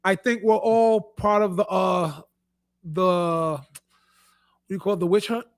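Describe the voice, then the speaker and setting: A man co-hosting a podcast, arguing his point in casual chat, animated and laughing often, stumbling over repeated words. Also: high voice, unhurried. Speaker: podcast co-host.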